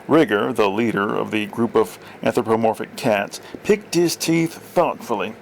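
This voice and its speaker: A man's voice: lowish voice, normal speed, vocal fry, slight background noise, rough recording. A man reading his own fiction aloud, plainly, with small slips and corrections.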